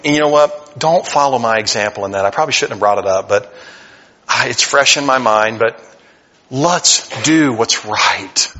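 Animated male preacher in a reverberant hall. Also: medium pitch, lo-fi sound. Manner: animated preaching, swings from loud to hushed. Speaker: pastor. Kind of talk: sermon.

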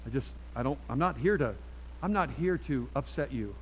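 A man preaching a sermon to a church congregation, switching between forceful appeals and quiet storytelling. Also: mid-range voice, expressive, moderate pace, slight background noise, poor audio. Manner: emphatic, swings from loud exhortation to quiet storytelling. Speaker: pastor.

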